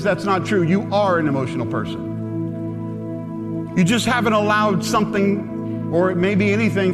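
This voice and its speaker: A man in his forties gives a sermon in an earnest, conversational tone, his voice sitting a little high for a man. He sometimes drops soft and tender, and the long reverb of a large hall trails after each phrase. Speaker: pastor.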